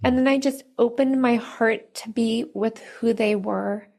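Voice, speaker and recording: A woman's voice: on the high side, fairly even intonation, a little slow, darkish tone. A woman guest sharing personal family struggles candidly and emotionally on a podcast. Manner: candid, emotional, quotes her own thoughts.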